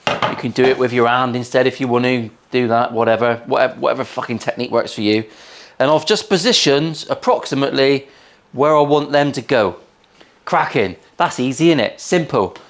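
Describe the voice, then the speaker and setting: A man's voice: mid-range voice, slight background noise. A man with a West Country English accent, hosting a guitar-building vlog from his workshop in a cheeky, jokey way and swearing freely. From England. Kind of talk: casual, sweary workshop banter. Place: home workshop.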